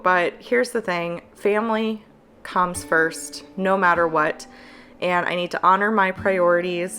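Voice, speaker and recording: A woman in her thirties with a small business, talking candidly to camera, earnest and halting with fillers. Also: on the low side, fairly bright tone. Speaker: planner business owner.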